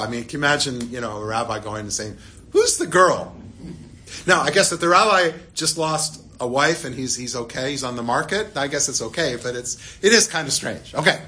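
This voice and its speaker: Bright-voiced rabbi telling a Bible story. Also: male voice, medium pitch. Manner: animated, conversational with asides to listeners. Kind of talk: Torah lesson storytelling.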